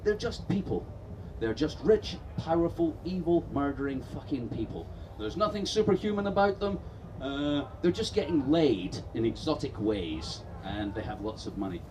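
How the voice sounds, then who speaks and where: Male stand-up, sardonic and profane, higher voice, live festival set miked from afar. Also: big pitch swings, normal speed, distant mic, background noise. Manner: sardonic, profane, building to shouts. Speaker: stand-up comedian. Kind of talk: satirical stand-up rant. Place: outdoor festival stage.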